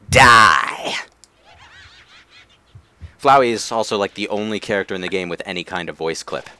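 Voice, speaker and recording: A man hosting a let's play, making quick wry asides and dry jokes as he plays. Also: deep voice, fairly bright tone, clear, resonant tone. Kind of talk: casual gameplay commentary.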